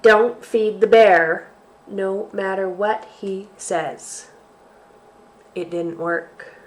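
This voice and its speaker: A woman hosting a library storytime for children, reading a picture book aloud in an expressive, sing-song way. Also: medium pitch, extremely slow.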